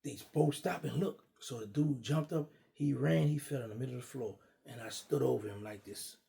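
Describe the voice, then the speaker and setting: A middle-aged man casually telling a long personal story, animated and acting out what others said. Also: mid-range voice, moderate pace, vocal fry. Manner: animated, acts out quoted dialogue. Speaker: guest storyteller.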